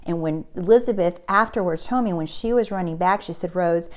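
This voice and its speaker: A woman with a fairly low voice tells a personal story in a relaxed, chatty way. She acts out the people she met and slips into quick laughs as she goes. She speaks as a coach talking straight to her viewers. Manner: breaks into laughter mid-sentence. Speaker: manifestation coach and channel host.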